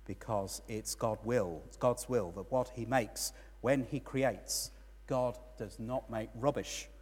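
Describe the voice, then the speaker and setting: A man's voice: mid-range voice, darkish tone, husky. A man giving a sermon as a priest, telling a story with rising and falling emphasis. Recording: long church reverb.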